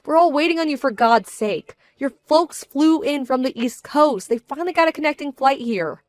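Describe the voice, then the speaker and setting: A woman voicing a young bride-to-be who sounds indignant, measured and cold. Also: sits high, expressive, dry recording. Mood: exasperated. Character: young bride-to-be, hurt and proud, quietly fierce. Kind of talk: scripted story drama.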